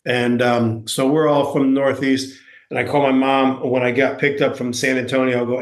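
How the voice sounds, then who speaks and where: A man's voice: mid-range voice, fairly even intonation, normal speed. A man from New York with a New York accent, telling stories as a guest in a casual interview, rambling and self-deprecating with many fillers and restarts. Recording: echoey room.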